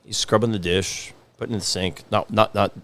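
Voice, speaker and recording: A man's voice: on the low side, steady tone, brisk, a bit bright. A man in his forties, a podcast guest and pizzeria owner, telling stories in casual chat, repeating phrases for emphasis. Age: 40s.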